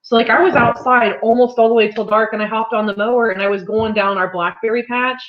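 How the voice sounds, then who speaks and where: Talking fast in a steady, slightly high voice, a woman hosts her farm channel's casual home livestream. She's chatty and rambling with frequent laughter, and the laptop mic makes the sound slightly dull and lo-fi.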